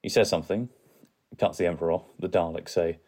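A man co-hosting a podcast, chatting in a relaxed, easygoing way. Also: low voice, quick pace, slightly rough. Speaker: podcast co-host. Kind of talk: casual chat.

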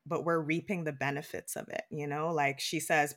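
Low-voiced woman, earnest and reflective. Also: little pitch movement, moderate pace, few pauses, fairly bright tone. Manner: reflective, earnest, uses fillers like "like". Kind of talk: casual chat.

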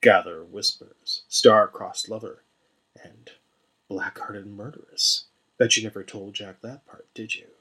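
A man voicing a cruel, scheming male villain who taunts his prisoners slowly and quietly. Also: steady tone, husky, heavily acted. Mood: gloating. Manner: slow, low, hushed taunting.

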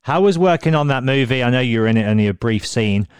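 A man's voice: medium pitch, lively intonation, fast talker, smooth, dry recording. A man interviewing a guest in a casual chat, enthusiastic and encouraging. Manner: enthusiastic, encouraging questions, laughs along.

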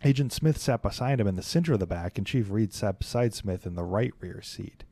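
A man's voice: lowish voice, a little fast, no echo. A young man hosting a podcast, reading a historical account aloud and breaking off for casual, laughing asides. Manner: steady read-aloud with laughing, chatty interjections. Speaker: podcast host.

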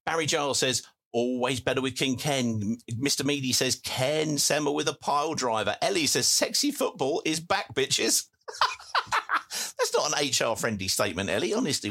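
A man's voice: mid-range voice, bright, forceful tone. A man hosting a live football chat, reading out listener messages with jokey asides. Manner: jokey, chatty, reads messages aloud with quick asides. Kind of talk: casual live audio chat. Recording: live audio stream.

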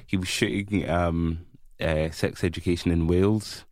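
A man, a filmmaker guest, chatting casually in an interview and getting animated as he tells stories. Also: low-pitched, measured pace, no echo, studio quality. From Kenya. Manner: animated, repeats words when excited.

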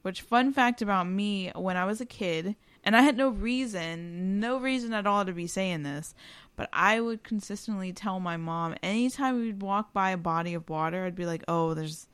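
A woman's voice: mid-range voice, normal speed, a bit bright, clean tone, no room sound. A woman co-hosting a podcast at home with the windows open, telling stories in a chatty, casual way and laughing often. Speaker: podcast co-host. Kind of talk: casual storytelling chat.

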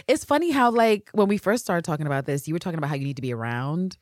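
A woman's voice: on the low side, racing, dry recording, clean studio sound. A woman co-hosting a podcast, chatting casually and acting out scenes with lots of swearing. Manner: animated, swears, acts out characters in quotes. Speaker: podcast co-host. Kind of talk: casual recap chat.

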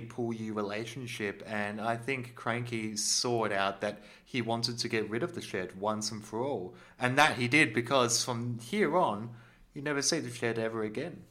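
Podcast guy, stammery and jokey, bright voice. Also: mid-range voice, fairly even intonation, a little slow. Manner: stammering restarts, joking. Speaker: podcast co-host. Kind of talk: casual chat.

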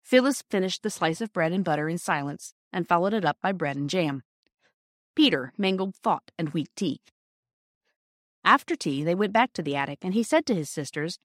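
A woman reading a classic children's storybook aloud in a gentle, measured way. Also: lowish voice, animated, dry recording, clean studio sound. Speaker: audiobook reader. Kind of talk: storybook narration.

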